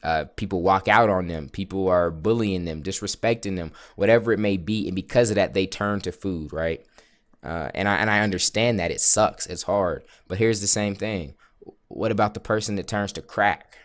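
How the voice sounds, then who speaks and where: Give me a man with a fairly low voice, speaking earnestly and openly to his viewers. He talks in a casual motivational vlog style, restarting and repeating words as he drives his point home. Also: normal speed. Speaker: vlogger.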